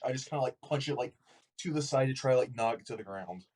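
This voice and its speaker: A man's voice: medium pitch, quick pace, a little mellow. Casual man playing a tabletop game. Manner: loose, filler-heavy, thinking aloud. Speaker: player.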